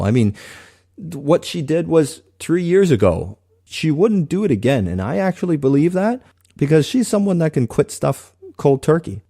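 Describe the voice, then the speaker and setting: A man tells a personal testimony in a lowish voice. His tone is mellow and soft-edged. He speaks earnestly and haltingly, and he often restarts his sentences. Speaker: guest sharing a faith testimony.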